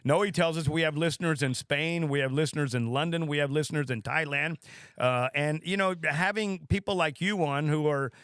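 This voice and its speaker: Enthusiastic South Texas podcast host. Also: male voice, on the high side, fairly even intonation, normal speed, fairly bright tone, clear, resonant tone, no room sound, clean studio sound. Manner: enthusiastic, repeats words. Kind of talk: casual podcast chat.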